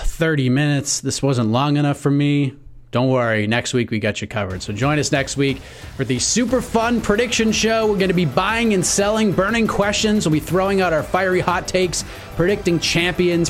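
A man's voice: fairly high pitch, a little fast. A man co-hosting a sports podcast, chatting casually and wrapping up the episode. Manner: upbeat, wraps up the show. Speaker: podcast co-host.

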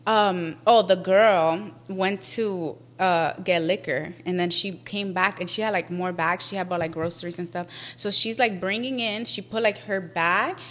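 A woman's voice: lowish voice, moderate pace, hardly any pauses, fairly bright tone. A woman in her thirties, a podcast guest telling a story in casual chat, who swears freely and slips into Spanish.

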